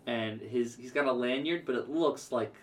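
A man from New York telling a long, animated story in casual chat, acting out the voices of the people in it. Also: medium pitch, normal speed, a little hiss or hum. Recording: distant from the mic.

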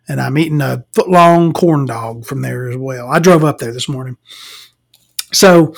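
A man with a fairly high voice rants about a film, rambling and sarcastic. He swears freely and breaks into laughter at his own jabs, like a casual home vlog review. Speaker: movie reviewer. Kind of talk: rambling movie rant. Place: home recording, eating and drinking.

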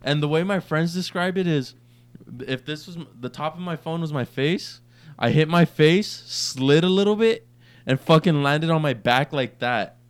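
A young man with a smooth, resonant voice tells a rambling story on a podcast, swearing freely. He acts out each quoted line with lively energy. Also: on the high side, normal speed. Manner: profane, animated storyteller acting out quotes. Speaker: podcast co-host. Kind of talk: casual storytelling.

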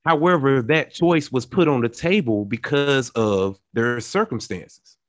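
A man's voice: medium pitch, unhurried, no room sound, clean studio sound. A young man hosting a casual talk show, explaining his point earnestly with everyday examples and many restarts. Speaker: podcast host. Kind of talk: casual conversational discussion.

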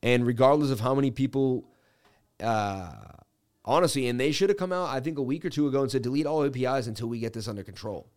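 A man hosts a crypto trading livestream in a casual, unscripted way. His voice sits at an ordinary middle pitch, and he talks haltingly, full of fillers and restarts. He reads news items aloud and breaks in with his own asides. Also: animated, darkish tone.

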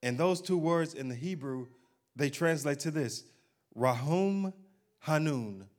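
A man pastor delivers a sermon in a fairly high voice. He talks in an animated, humorous way and speaks straight to his congregation. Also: moderate pace.

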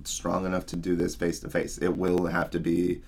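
Very low-voiced man retelling a story. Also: moderate pace, gravelly, noisy background. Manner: relaxed, rambling retelling with filler words. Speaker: podcast co-host. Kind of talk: casual book discussion.

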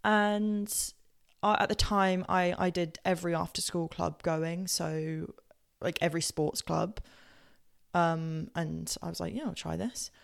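A woman with a posh southern English accent hosts her podcast and tells personal stories. Her voice sits a little low and has a strong vocal fry. She rambles along with plenty of fillers and self-corrections. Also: level tone, slow. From Southampton, England. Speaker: podcast host. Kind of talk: casual personal storytelling.

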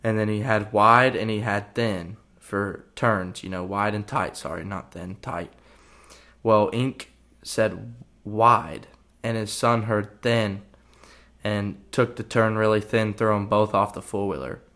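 A young man, a college football player, telling a story on his podcast in a relaxed, rambling way, full of fillers. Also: lowish voice, slow. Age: young adult. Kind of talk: casual storytelling.

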